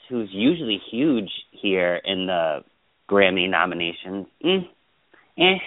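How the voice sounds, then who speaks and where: A man's voice: on the low side, no echo. A man hosting a podcast, chatting casually and gossiping in an exclamatory way. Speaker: podcast host. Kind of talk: casual chat. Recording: phone-like call audio.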